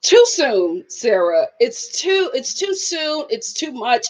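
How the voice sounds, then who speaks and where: Animated high-voiced woman reviewing TV. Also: slow pace, rough recording. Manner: animated, slangy, outspoken. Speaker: reality TV reviewer and channel host. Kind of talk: casual live review chat.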